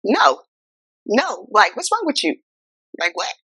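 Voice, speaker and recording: A woman hosting a casual self-help talk. She speaks in an animated, incredulous way, addresses viewers as y'all, and. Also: medium pitch, slow, pauses often, slightly rough, dry recording. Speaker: host.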